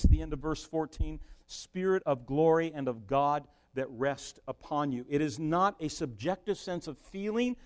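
Middle-aged guy preaching, kinda high voice, goes loud then real quiet. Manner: animated, swings from loud emphasis to near-whisper. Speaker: pastor. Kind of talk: sermon.

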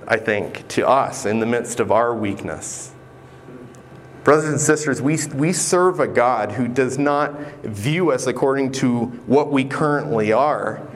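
A male pastor delivers a sermon in an earnest, conversational manner and sometimes restarts a phrase. His pitch sits in an ordinary middle range. A faint hiss runs under the recording. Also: expressive, unhurried.

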